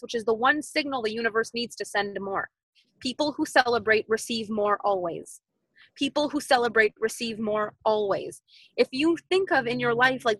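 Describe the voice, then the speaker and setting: A woman's voice: fairly high pitch, no room sound, rough recording. A woman in her thirties, a podcast guest talking casually and animatedly, repeating her points like mantras. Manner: animated, repetitive motivational phrasing.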